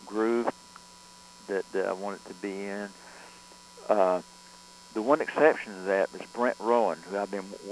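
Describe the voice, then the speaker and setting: A male record producer speaking in a somewhat low voice, telling long studio anecdotes. He rambles, circles back and restarts his sentences often, with a faint hum under the recording. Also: poor audio. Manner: rambling, with frequent restarts and fillers. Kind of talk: conversational storytelling interview.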